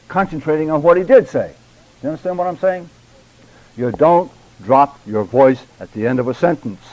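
Man, mid-pitched, instructor lecturing a church speaking class; deliberate, emphatic, carefully enunciated delivery. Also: no echo, highs cut off. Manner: addresses class members by name.

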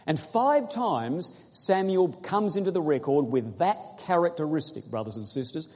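A man preaching a sermon, quizzing his congregation and reading scripture slowly and earnestly. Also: on the high side, expressive, a little mellow. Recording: echoey hall recording.

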